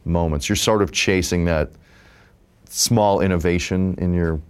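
A low-pitched man in his fifties speaks at a measured pace with a clean tone. He's an improv comedian, rambling casually and relaxed through an interview with plenty of "like" fillers.

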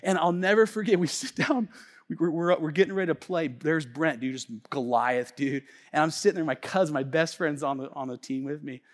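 High-voiced, animated man preaching. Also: brisk. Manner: animated storyteller, swings from hushed to shouting; casual slangy talk, many fillers and restarts. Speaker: pastor. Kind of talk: sermon with personal story. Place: church sanctuary. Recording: long reverb of a large church hall.

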